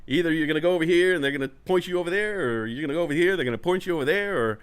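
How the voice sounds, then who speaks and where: A man's voice: a little high, very fast, clear, resonant tone. Profane rambling man telling stories. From California Bay Area. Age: adult parent of a young child. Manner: rambling, profane, acts out shouted quotes. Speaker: show host. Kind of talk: casual storytelling chat.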